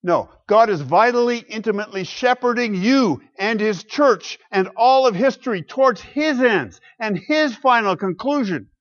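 A man preaching a sermon, emphatic, swinging between loud exclamations and quiet low asides. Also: animated, moderate pace, hardly any pauses, dull audio.

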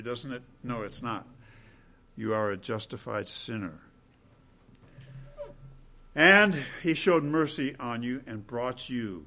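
A man preaching an expository sermon, slow and emphatic, rising to loud stresses and dropping to quiet ends. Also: medium pitch.

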